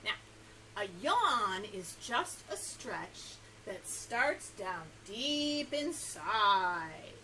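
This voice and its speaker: A woman's voice: medium pitch, extremely slow, slight background noise, rough recording. A woman librarian reading a picture book aloud to young children, asking them questions and laughing often. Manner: animated, coaxing questions to young listeners.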